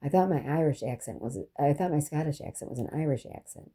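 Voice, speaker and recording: A woman's voice: deep voice, lively intonation, quick pace, mellow, slightly rough. A woman telling a personal story in a rambling, reflective monologue, restarting often and dropping profane asides.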